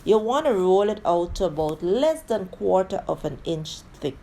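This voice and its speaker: A woman hosts a relaxed cooking tutorial, talking through each step and calling her viewers "guys". Her voice sits low and sounds warm and mellow. A faint hiss stays in the background. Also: moderate pace. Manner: chatty, addresses viewers as guys; talks through each step with friendly asides. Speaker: cooking channel host.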